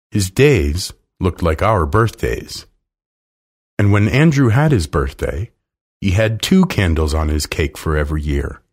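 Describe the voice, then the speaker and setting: A man reading a children's storybook aloud slowly and expressively. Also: deep voice, a little mellow, husky. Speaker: narrator.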